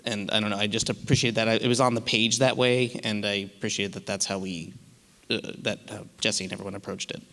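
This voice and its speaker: Man, low voice, understated and halting, long hall reverb. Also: level tone, vocal fry, fairly bright tone. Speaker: actor on a film panel. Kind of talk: panel discussion.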